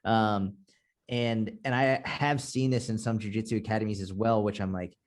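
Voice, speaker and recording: A man with a Boston accent, a fitness coach talking as a podcast guest in a blunt, profane, animated way. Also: on the low side, normal speed. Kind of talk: casual podcast conversation.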